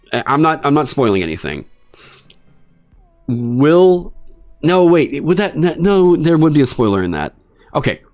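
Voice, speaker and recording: A man chatting on a livestream, his pitch swinging widely as he rants with exasperated, profane asides. His voice sits at an ordinary middle pitch. Faint music plays softly behind him. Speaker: streamer hosting a dungeon design stream. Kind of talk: casual livestream chat.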